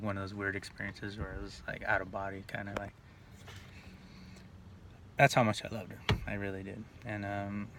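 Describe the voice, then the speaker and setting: Casual male vlogger, profane and rambling, gravelly low voice, recorded from a distance. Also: pushed and bright. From Northern California. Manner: rambling, profane, full of "like" and restarts. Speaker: vlogger telling personal stories. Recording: distant mic with faint background noise.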